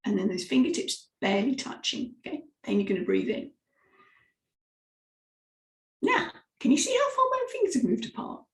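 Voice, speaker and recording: Lively woman coaching vocal warm-ups. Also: fairly high pitch, fast talker. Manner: lively, demonstrative, guides listeners through exercises. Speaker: speaking coach. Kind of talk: live vocal warm-up lesson. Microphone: microphone, sometimes stepping close. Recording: roomy echo.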